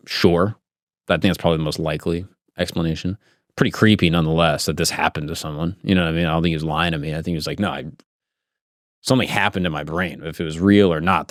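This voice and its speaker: A man's voice: low voice, dry recording, clean studio sound. A young man hosting a podcast, telling a spooky story casually with loose rambling speech, many "like" fillers and swearing. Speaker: podcast host.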